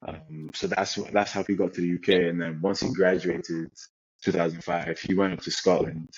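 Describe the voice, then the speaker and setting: Young adult male guest, very deep voice, easygoing anecdotes, muffled lo-fi recording. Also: normal speed, a little hiss or hum. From Nigeria. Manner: relaxed storytelling with many restarts. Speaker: guest, American football player. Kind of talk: casual interview chat.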